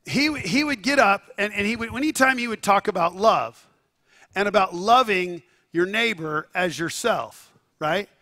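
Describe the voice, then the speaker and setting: A man preaches with a high, bright voice that cuts through. He tells stories with animated asides to the congregation, checking in as he goes and now and then breaking into a shout. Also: unhurried. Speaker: pastor. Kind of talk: sermon.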